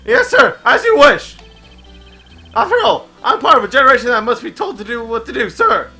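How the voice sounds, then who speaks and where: A man voicing an overeager young police officer who shouts and barks "sir" after everything, in a video game playthrough. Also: very high-pitched, very animated, normal speed, faint music behind, full character voice. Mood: frantic. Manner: shouting, barks 'sir' constantly.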